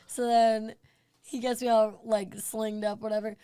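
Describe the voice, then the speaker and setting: A woman guest on a podcast, telling a story in a casual, animated way, swearing and acting out the people in it. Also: on the high side, a little slow, clear, resonant tone, no echo. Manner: animated, profane, acts out others in the story.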